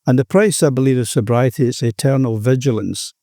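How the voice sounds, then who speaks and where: Earnest older Australian man, mellow voice. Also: medium pitch, a little fast, no room sound, studio quality. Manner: earnest, rambling, peppered with "you know". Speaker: recovering alcoholic sharing his story. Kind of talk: recovery meeting share.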